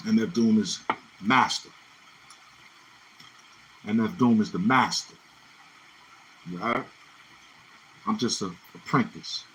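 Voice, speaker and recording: His voice is lowish and a bit bright, moving slowly with frequent pauses, over slight background noise on a rough recording. The speaker hosts a casual livestream from Brooklyn, New York City, chatting between freestyle rhymes and tagging lines with "you know what I'm saying."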